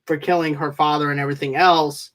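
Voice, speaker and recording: A man on a casual movie review podcast, talking through a film's plot with rambling enthusiasm and lots of "uh"s. His voice sits a little higher than most men's. He keeps the talk loose and friendly. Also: level tone, quick pace, fairly bright tone. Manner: rambling, enthusiastic plot recap with frequent fillers.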